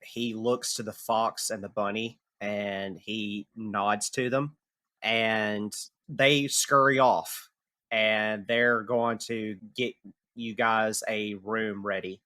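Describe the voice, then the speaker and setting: A man runs a tabletop game, narrating in a loose, casual way with plenty of fillers. His voice is bright and forward. The recording is close and dry, with no room sound. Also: on the low side, little pitch movement, slow, dry recording. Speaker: game master.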